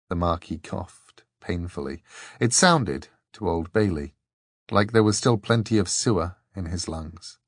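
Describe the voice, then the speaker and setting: A man narrating an audiobook in a measured, expressive way. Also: low voice, no room sound, clean studio sound.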